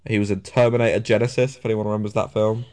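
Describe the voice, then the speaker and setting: A man's voice: lowish voice, little pitch movement, rapid-fire, a little mellow, smooth. A young English man co-hosting a podcast, chatty and swearing freely as he tells stories with frequent laughs. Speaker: podcast co-host. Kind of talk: casual podcast chat.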